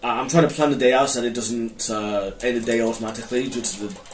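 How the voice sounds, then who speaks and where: A man's voice: medium pitch, fairly even intonation, fast talker. A man hosting his own gaming channel, rambling and correcting himself as he comments on his play. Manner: rambling, hesitant, self-correcting. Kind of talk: casual gameplay commentary. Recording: roomy, mic held far off with faint noise.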